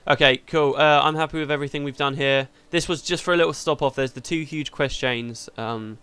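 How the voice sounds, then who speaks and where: A man's voice: a little high, steady tone, a little fast, sharp tone, clean tone, no room sound. A man hosting a let's play, chatting casually through the game and laughing easily.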